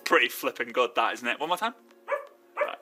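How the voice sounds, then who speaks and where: A man's voice: mid-range voice, very animated, a little fast, over music. A man giving a casual training talk, chatty and rambling, often breaking off mid-sentence. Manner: chatty, rambling, self-interrupting. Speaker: network marketing trainer.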